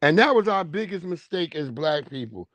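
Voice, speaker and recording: A man's voice: on the high side, very animated, moderate pace, fairly bright tone, no echo, lo-fi sound. A man hosting a live stream, giving loose, profane, slangy commentary on video clips.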